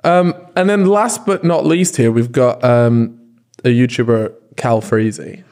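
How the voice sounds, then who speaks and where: A man's voice: medium pitch, a little slow, darkish tone. Teasing young man asking questions. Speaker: guest interviewer. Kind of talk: casual podcast chat.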